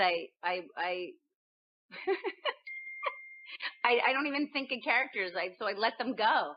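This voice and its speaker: A voice actress in her forties, chatting in an interview, animated and laughing, often restarting her sentences as she searches for words. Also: medium pitch. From United States. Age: 40s. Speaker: voice actress guest. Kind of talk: casual interview chat. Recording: dull lo-fi sound.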